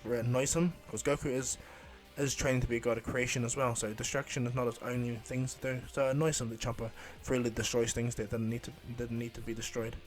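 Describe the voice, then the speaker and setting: A man casually improvising a fan story retelling, rambling and halting with fillers. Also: mid-range voice, level tone, faint music behind.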